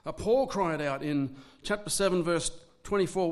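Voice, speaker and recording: Earnest higher-voiced male preacher. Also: a little mellow. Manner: earnest, restarts words, speeds up and slows for emphasis. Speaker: pastor. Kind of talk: sermon.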